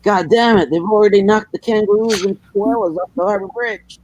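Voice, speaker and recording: An Australian man voicing a loud, gullible male American tourist with a mock Texan drawl. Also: high voice, a little fast, lo-fi sound, voice pushed up. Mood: excited. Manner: brash, drawling.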